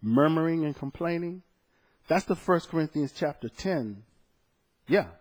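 A man preaching a conversational sermon, moving between scripture readings and personal stories in a lively way. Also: on the high side, measured pace. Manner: conversational, animated storytelling with scripture quotes.

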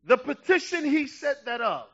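A man preaching a sermon with passion, dropping to a hush and then rising to shouts, urging his listeners on. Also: very high voice, very animated, moderate pace, muffled recording. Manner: impassioned preaching, swinging from hushed to shouting. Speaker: pastor.

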